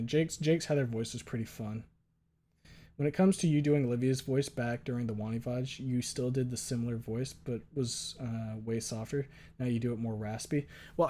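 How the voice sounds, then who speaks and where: A man's voice: medium pitch, mellow. A male streamer chatting casually at the end of a stream. He jokes, curses freely and reads out messages from viewers. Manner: joking, profane, reads chat aloud. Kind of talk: casual livestream chat.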